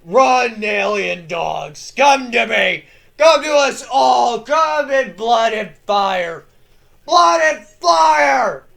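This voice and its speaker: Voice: medium pitch, animated, extremely slow, creaky, fairly bright tone, shouting, heavily acted. A lore reader voicing a zealous armored warrior-priest in a dramatic reading, roaring battle cries with a straining voice. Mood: defiant. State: straining, voice giving out.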